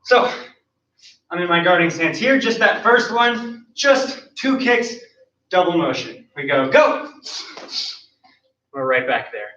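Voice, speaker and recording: A man with a high, bright voice coaches a martial arts class while he demonstrates the kicks himself, counting each move and calling out cues. He is out of breath, and he sounds far from the mic in a roomy studio with a dull recording. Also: very animated, slow pace, pauses often. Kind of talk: online class instruction.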